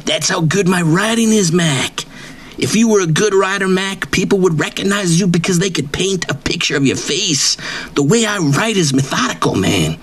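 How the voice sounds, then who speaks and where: A man's voice: sits high, lively intonation, normal speed, breathy edge, pitched above the performer's own voice. A man voicing a boastful, swaggering male wrestling writer who brags nonstop and repeats his catchphrases in a comedic character bit. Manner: brash bragging, repeats catchphrases, drawls "man" constantly.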